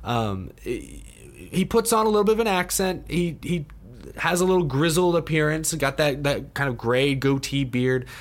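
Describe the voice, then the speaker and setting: A man's voice: a little high, animated, normal speed. A man co-hosting a podcast in a casual film review chat, speaking conversationally and stumbling over repeated words. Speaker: podcast co-host.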